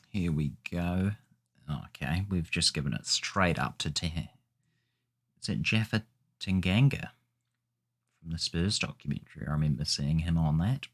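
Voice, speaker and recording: Deep-voiced male gaming host; loose, rambling play-by-play chatter. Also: fairly bright tone. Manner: chatty, rambling, self-correcting. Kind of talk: casual gameplay commentary.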